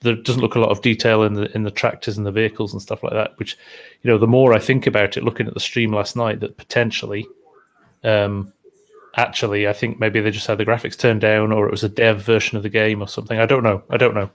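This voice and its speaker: Male co-host talking casually about a game, unsure and thinking out loud. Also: lowish voice, level tone, fast talker. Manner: speculative, hedging, trails off. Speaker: co-host, farming game streamer. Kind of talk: casual chat.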